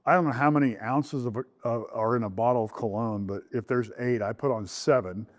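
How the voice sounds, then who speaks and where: The groom talks a bit quickly in this recorded relationship interview, describing with candor how he met his wife. As he imitates conversations from back then, his voice jumps up.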